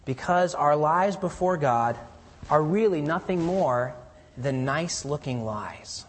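A man with a fairly high, somewhat husky voice preaches in an earnest way, moving between loud emphasis and hushed, quiet lows. His voice carries a long reverb, as if in a church sanctuary. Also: animated, slow pace. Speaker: pastor. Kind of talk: sermon. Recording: reverberant hall.

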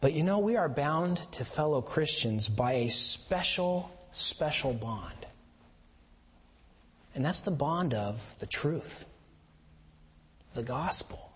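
A man preaching a sermon as pastor, mixing chatty asides with slow, emphatic lines. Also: fairly high pitch, animated, a bit bright, long reverb tail.

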